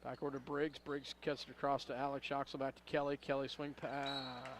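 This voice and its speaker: A man calls a local high school basketball game, tracking each pass and shot in a steady mid-range voice. He lifts his energy on big plays and corrects himself on the fly. Faint background noise runs under the call. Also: fairly quick. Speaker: play-by-play announcer. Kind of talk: local radio basketball commentary.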